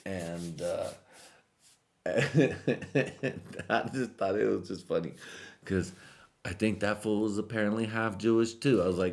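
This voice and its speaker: A stoned man hosts a podcast with a very low voice. He rambles and swears through a loose monologue, and his talk keeps drifting and breaking into laughter. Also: slow pace, long pauses. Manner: rambling, profane, laughs often. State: high. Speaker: podcast host.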